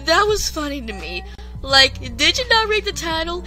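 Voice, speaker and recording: A woman in a commentary clip explains points in a matter-of-fact way. Her voice is high and bright, with faint music behind her. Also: big pitch swings, moderate pace. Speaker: video commentator.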